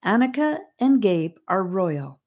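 A woman's voice: mid-range voice, big pitch swings, slow pace, a little mellow, pitched above the performer's own voice. A woman voicing a cheerful, wise male guide who speaks with a grand, theatrical flair.

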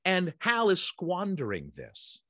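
A man in casual podcast talk, emphatic and wry, stumbling through restarts and fillers as he works out his point. His voice sits a little on the high side for a man. The sound is close and dry, with no room around it. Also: wildly swooping pitch, slow, fairly bright tone, no echo. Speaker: guest, theatre director and writer.

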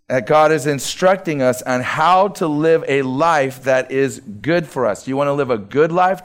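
A middle-aged man preaching a sermon as pastor, earnest, building emphasis through repeated phrases. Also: fairly high pitch.

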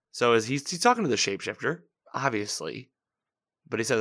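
A man hosting a podcast, giving casual, animated commentary as he recaps a TV episode, quoting lines and laughing. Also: mid-range voice, brisk. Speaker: podcast host. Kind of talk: casual live-watch commentary.

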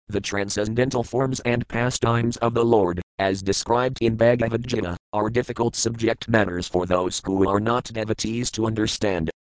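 A man of middle pitch reads scripture and its commentary in a steady, measured recitation. He slows for the word meanings. The sound is dry and close, with no room echo. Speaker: scripture reader. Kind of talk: scripted reading of verses and commentary.

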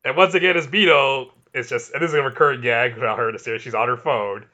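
Man, podcast co-host, casual chat, bright forceful tone, dull lo-fi sound. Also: mid-range voice, fast. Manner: enthusiastic, rambling with restarts.

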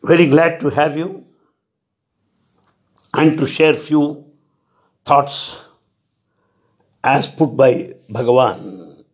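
A man giving a devotional talk, stressing his points in measured lists with pauses. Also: fairly high pitch, expressive. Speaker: spiritual speaker.

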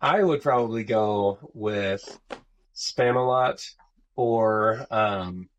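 Rambling, animated podcast dad. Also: male voice, lowish voice, drawn-out words, muffled recording, slight background noise. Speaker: podcast co-host. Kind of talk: casual chat.

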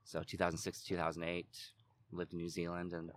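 A middle-aged American man with an American accent, chatting as a guest in a relaxed, rambling way. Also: deep voice, quick pace, a little hiss or hum. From United States. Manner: relaxed, rambling, many fillers. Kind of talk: casual interview chat.

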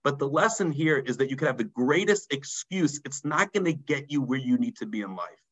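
A man, a rabbi telling a story in a mussar sermon, dropping low and quiet for emphasis. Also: animated, brisk, poor audio. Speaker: rabbi teaching a mussar class.

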